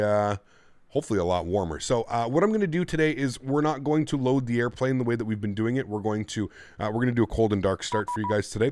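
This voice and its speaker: Laid-back low-voiced male streamer. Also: no room sound. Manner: friendly, thanks viewers, chatty with fillers. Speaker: flight sim streamer. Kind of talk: casual livestream commentary.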